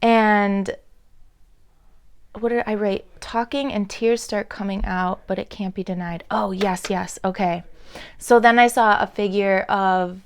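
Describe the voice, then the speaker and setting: Young woman slowly musing to her camera, earnest, dreamy, lots of likes. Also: medium pitch, fairly even intonation, clean tone. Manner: dreamy, earnest, many "like"s and pauses. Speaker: spiritual vlogger. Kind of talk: casual reflective monologue.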